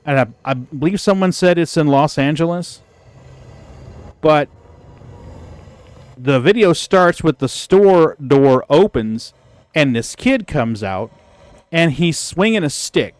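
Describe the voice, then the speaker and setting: A man casually chatting with his stream viewers, telling a story in an animated, profane way and laughing easily. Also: on the high side, slow, pauses often. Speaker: gaming livestreamer.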